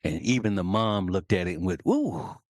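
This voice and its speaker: A man's voice: low-pitched, a little fast, no room sound, clean studio sound. A man, a leadership coach, telling a dramatic story on a podcast.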